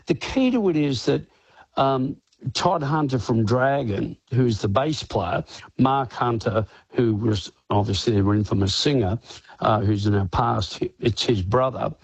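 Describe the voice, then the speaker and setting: An older Australian man talks in a loose, rambling way, full of filler phrases and quick laughs. His voice is husky. The studio sound is dry and close. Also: mid-range voice, dry recording. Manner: rambling, many "you know"s, laughs often. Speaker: rock singer guest. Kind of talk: casual radio interview.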